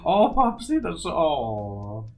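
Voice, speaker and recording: A young man chats with his live stream viewers in a rambling, friendly way, his pitch rising and falling a lot. He laughs often and slips into acted-out quotes. Soft music plays quietly under his voice. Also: wildly swooping pitch, drawn-out words. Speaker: livestreamer. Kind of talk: casual chat with live viewers. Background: faint music.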